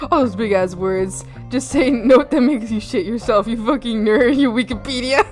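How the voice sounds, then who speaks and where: A young woman with a slightly high voice chats loosely to her stream, rambling through stories full of fillers and breaking into giggles. Her humor is crude and playful. Quiet background music sits faintly under her voice. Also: lively intonation, normal speed, hardly any pauses. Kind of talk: casual live-stream chat. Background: soft background music.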